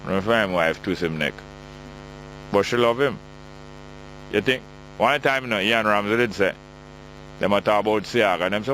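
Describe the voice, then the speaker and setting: A man's voice: on the low side, a little fast, long pauses, a bit bright, slight background noise, rough recording. A middle-aged man with a Jamaican accent hosting a call-in radio talk show, chatty and joking as he reads out listener texts.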